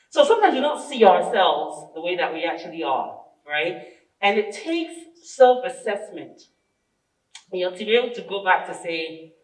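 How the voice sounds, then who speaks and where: A woman presenting a training workshop, a lively storyteller who acts out dialogue and asks her audience questions. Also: fairly low pitch, normal speed. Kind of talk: interactive training workshop talk. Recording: echoey room, far from the mic.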